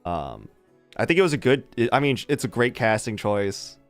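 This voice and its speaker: Animated, laughing game streamer. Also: medium pitch, moderate pace, faint music behind. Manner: animated, laughs often, rambling. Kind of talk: casual chat with live chat.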